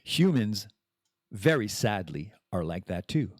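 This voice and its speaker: A man's voice: on the low side, very animated, a little slow, no room sound, studio quality. A man hosting a podcast, talking candidly and in a rambling way about recovery. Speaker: podcast host. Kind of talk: casual monologue.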